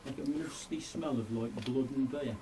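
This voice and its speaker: A man's voice: mid-range voice, normal speed. A man working as a medium, earnestly explaining spirit contact in a confiding way. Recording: distant mic, faint noise.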